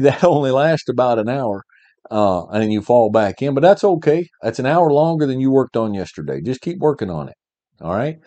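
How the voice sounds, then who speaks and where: A middle-aged man, a podcast host giving life advice, delivers an emphatic motivational talk to young men in a dark, mid-range voice. He repeats key phrases and checks in with "all right?".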